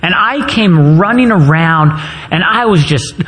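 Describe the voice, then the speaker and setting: A man delivers a sermon in an earnest, storytelling way, drawing on his own childhood memories. His voice sits a little on the high side for a man. He speaks directly to fathers in the congregation. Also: animated, a little slow, a bit bright. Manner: earnest storytelling, personal anecdotes. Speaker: preacher.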